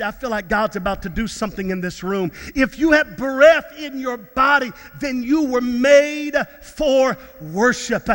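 A fervent middle-aged male pastor preaches with a strikingly high, bright, forceful voice. He repeats words as he builds and slips into snatches of song. The sound carries a long reverb, as in a church sanctuary. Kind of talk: sermon.

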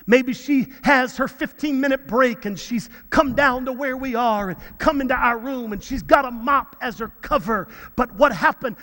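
A man's voice: extremely high pitch, moderate pace, hardly any pauses, fairly bright tone, big-room sound. A man preaching a sermon, telling a personal story earnestly, often repeating and restarting his words. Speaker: pastor.

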